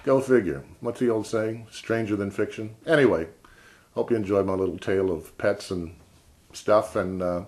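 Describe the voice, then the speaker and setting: A man vlogger telling a casual story, swinging between low mutters and excited outbursts. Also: normal speed.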